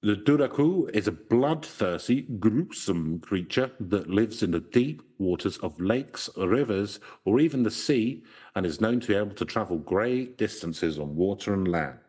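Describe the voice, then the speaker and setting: A man co-hosts a casual podcast in a fairly low voice. He reads folklore notes aloud, breaking off into jokes and halting restarts. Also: expressive, a little mellow. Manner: joking, with halting restarts around the script. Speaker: podcast co-host.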